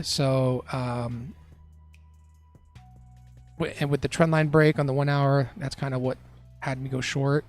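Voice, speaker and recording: A man's voice: a little high, clean tone. A young man who trades live on a stream, chatting casually with his chat and laughing often.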